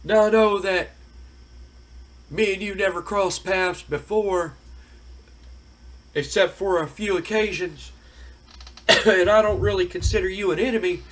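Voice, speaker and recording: A man putting on a brash male wrestler who taunts loudly, drawling and stammering. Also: high voice, measured pace, long pauses, pitched above the performer's own voice. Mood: taunting.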